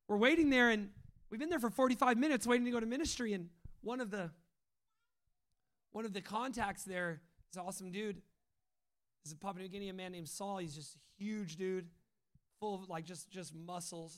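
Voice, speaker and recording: A man with a high voice preaches a sermon full of personal stories, told in an animated way. He acts out quotes and laughs often.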